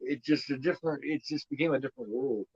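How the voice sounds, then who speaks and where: A rambling man in his fifties hosts a casual movie commentary in a husky, mid-range voice at a quick pace. He repeats words and keeps saying "man" and "you know what I mean," and the dull lo-fi recording has no room sound.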